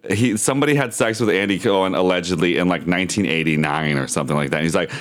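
A man co-hosting a podcast in casual chat, chatty and quick to laugh. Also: deep voice. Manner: chatty, laughs often, lively delivery. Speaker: podcast co-host.

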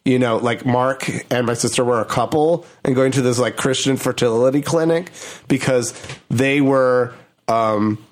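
A man's voice: mid-range voice, moderate pace. Young adult male co-host, casual rambling storyteller, heavy on filler words. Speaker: podcast co-host. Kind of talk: casual comedic chat.

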